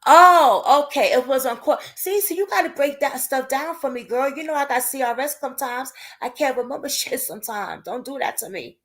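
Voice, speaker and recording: Emotional woman host, teary voice, a bit high-pitched, chatty and open with viewers. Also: lively intonation, fairly quick, hardly any pauses, a bit bright. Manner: emotional, tearful, talks openly to viewers. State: crying. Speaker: livestream host. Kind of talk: casual livestream chat.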